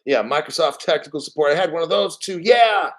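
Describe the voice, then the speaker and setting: Foul-mouthed ranting man, slightly high voice. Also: animated, fairly quick, fairly bright tone, poor audio. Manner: profane, rambling, blunt. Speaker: crypto show host. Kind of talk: casual live-stream rant.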